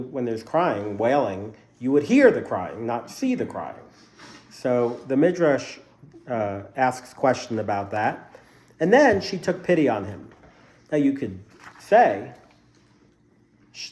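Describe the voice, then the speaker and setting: A man's voice: medium pitch, very animated, a little slow, a little mellow. A man teaching a casual Bible study class to a group in a room, explaining the text by asking a string of questions.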